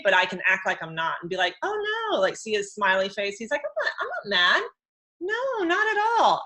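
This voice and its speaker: A middle-aged woman hosting a live workshop as a counselor, chatty and animated, breaking into high mimicking voices. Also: rough recording.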